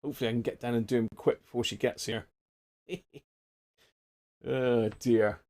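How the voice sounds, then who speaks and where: A man's voice: medium pitch, little pitch movement, moderate pace, dark tone. A middle-aged man chatting casually on his live stream, rambling between topics and greeting viewers by name. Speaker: livestream host. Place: home workshop.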